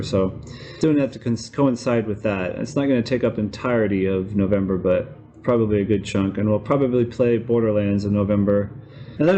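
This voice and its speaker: A man's voice: fairly low pitch, warm tone, a little hiss or hum. A young man hosting a podcast, chatting loosely and rambling about his streaming plans. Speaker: podcast host and game streamer. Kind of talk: casual podcast chat.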